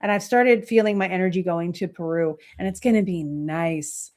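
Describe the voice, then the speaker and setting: A woman's voice: lowish voice, moderate pace. Chatty woman hosting a livestream. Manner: chatty and rambling, many fillers and soft laughs. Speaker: astrology livestream host. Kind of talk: casual chat with viewers.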